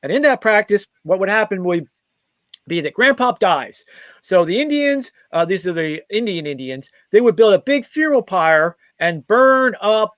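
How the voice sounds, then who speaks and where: High-voiced mocking male political commentator. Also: very animated, normal speed, a bit bright, no echo. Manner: mocking, rambling, with frequent restarts. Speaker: co-host of a political talk show.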